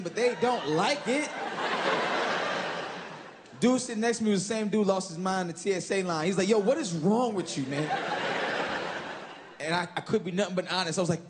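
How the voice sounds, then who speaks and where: A man from Chicago doing a loud stand-up routine on a club stage, switching into acted-out voices. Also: sits high, a little fast. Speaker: stand-up comedian. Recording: loud crowd laughter and noise. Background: laughing crowd.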